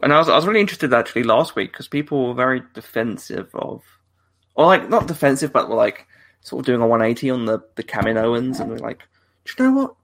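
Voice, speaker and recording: Gravelly-voiced man rambling on a podcast. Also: mid-range voice, quick pace, a bit bright. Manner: rambling, laughing, restarts sentences. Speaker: podcast co-host. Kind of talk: casual live-stream chat.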